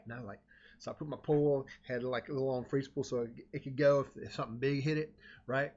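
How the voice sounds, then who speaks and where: A man telling a casual personal anecdote in a rambling, animated way, often cutting himself off mid-sentence. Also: medium pitch, fast talker. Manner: rambling, self-interrupting, animated. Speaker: storyteller. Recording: dull lo-fi recording.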